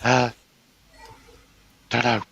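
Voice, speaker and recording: A laid-back man joins a live stream chat over a video call and makes dry jokes. His voice sits mid-range with a bright, forceful edge. The sound is dry. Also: mid-range voice, monotone, drawn-out words, husky, dry recording, poor audio.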